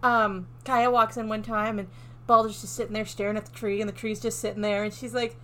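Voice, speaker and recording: A woman's voice: mid-range voice, level tone, a little fast, bright, forceful tone. Playful woman spinning silly lore scenes. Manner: playful, acts out characters, laughs often. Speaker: podcast co-host. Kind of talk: casual lore chat.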